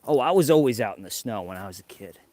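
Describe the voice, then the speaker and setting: A man from New York livestreams a casual vlog while walking in the snow, talking to viewers in a chatty, rambling way and sounding a little out of breath. His voice is lowish, expressive, and fast, with a dark tone.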